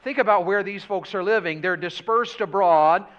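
A man's voice: sits high, moderate pace, a bit bright. A man preaching a revival sermon, folksy and full of questions to the congregation. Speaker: pastor. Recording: dull lo-fi church audio.

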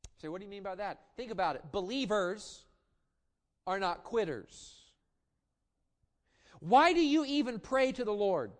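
A middle-aged pastor delivers an impassioned sermon in a notably high male voice. He stretches key lines out slowly, then falls back to soft asides. Now and then he stumbles into a stammered restart as he builds. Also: expressive. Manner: impassioned preaching with slow drawn-out emphasis and sudden drops to quiet asides.

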